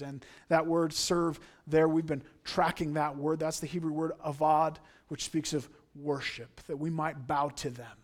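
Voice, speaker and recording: A man preaching a sermon in an earnest, emphatic way, swinging from hushed asides to loud declarations. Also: on the high side, steady tone, measured pace, few pauses. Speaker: pastor.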